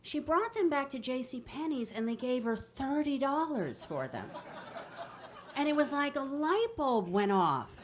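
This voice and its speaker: A woman's voice: high-pitched, unhurried, slight background noise. A woman in her fifties from New Jersey, telling a brash, comic true story on stage into a microphone. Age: 50s. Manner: brash, comic, animated delivery. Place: storytelling stage in a city venue.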